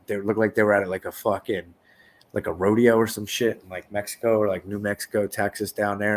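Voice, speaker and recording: A man co-hosting a podcast, in crude, rambling casual banter, often acting out quotes. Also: on the low side. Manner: profane, rambling, quick to act out quotes. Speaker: podcast co-host.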